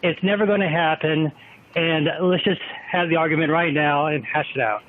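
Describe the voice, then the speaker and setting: A man's voice: fairly high pitch, moderate pace. A man phoning in to a radio football show, making his point in an emphatic, insistent way. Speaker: caller. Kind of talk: radio call-in argument. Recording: tinny phone line.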